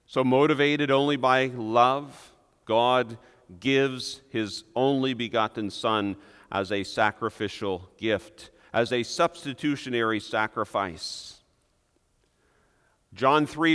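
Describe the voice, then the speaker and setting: A male pastor preaches slowly and deliberately, leaning hard on the words he wants to land. His voice sits at an ordinary pitch. It rings out with a long reverb, as in a church hall. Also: fairly bright tone, clear, resonant tone. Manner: deliberate, emphatic preaching with rising stresses. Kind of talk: sermon.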